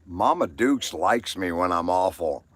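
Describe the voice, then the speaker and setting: A man's voice: low-pitched, expressive, a little slow, a bit bright, slightly rough. A man with a Southern American accent, chatting crudely and rambling through stories on a live stream. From Southern United States. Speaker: livestream host.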